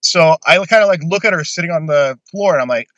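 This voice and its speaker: A man's voice: fairly high pitch, fast talker, fairly bright tone, no room sound. A man casually telling a long personal story on a podcast, blunt and swearing freely.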